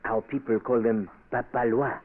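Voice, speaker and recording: An actor playing a suave cynical doctor, old radio. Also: male voice, medium pitch, steady tone, moderate pace, close to an everyday voice. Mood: persuasive. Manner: suave, ironic, keeps saying monsieur. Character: cynical male French-educated doctor, smooth aide. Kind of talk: 1940s radio acting. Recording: tinny old radio broadcast with faint hiss.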